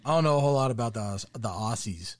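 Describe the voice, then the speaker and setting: A man's voice: mid-range voice, rapid-fire, no room sound, studio quality. A man hosting a podcast in casual chat, joking and a little unsure as he rambles. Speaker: podcast host.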